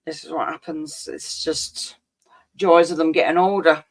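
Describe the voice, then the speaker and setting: Resigned man with a higher voice. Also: fairly even intonation, unhurried. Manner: matter-of-fact, resigned remarks. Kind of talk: casual chat.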